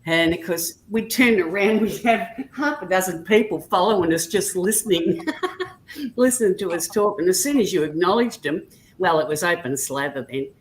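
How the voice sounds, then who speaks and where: A woman's voice: on the low side, lively intonation, moderate pace, a little hiss or hum, rough recording. An Australian woman chatting casually on a live stream, telling stories in an easygoing, anecdotal way. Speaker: guest on a live chat stream. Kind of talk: casual chat.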